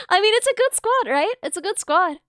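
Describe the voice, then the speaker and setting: A woman's voice: extremely high pitch, normal speed, dry recording, clean studio sound. A young adult woman streaming casually, chatting with her viewers, gasping and squealing at messages and rambling through asides. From not Australian. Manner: excitable, gasps and squeals at chat, rambling asides. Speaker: VTuber streamer. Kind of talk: casual stream chat reading chat.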